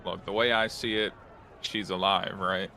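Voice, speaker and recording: A man playing a tabletop game in character, easygoing and relaxed in delivery. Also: deep voice, normal speed, gravelly, slight background noise. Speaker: player. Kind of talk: in-character tabletop role-play.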